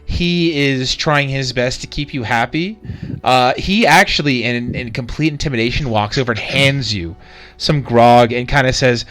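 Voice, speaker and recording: Man, game master, bright tone, patient explaining, lots of uh's. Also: medium pitch, moderate pace. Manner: patient, explaining, many fillers. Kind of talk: narrating and running a tabletop game.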